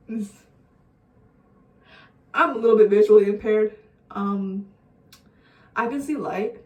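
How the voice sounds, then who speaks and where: A woman's voice: fairly high pitch, darkish tone. A young woman vlogger telling a rambling, profane story in a casual storytime way. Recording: roomy sound, distant mic.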